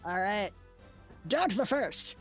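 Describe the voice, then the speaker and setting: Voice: mid-range voice, very animated, takes it slowly, a bit bright, slightly rough, soft background music. A player at a tabletop game making dry, wry remarks. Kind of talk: tabletop game play, casual chat.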